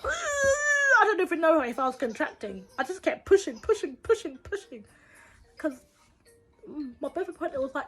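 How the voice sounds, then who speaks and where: A young woman, telling a story in a casual, slangy and animated way, acting out what people said. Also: very high voice, normal speed, soft background music. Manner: animated, acts out quotes with loud bursts and laughter; slangy, repetitive phrasing. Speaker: vlogger.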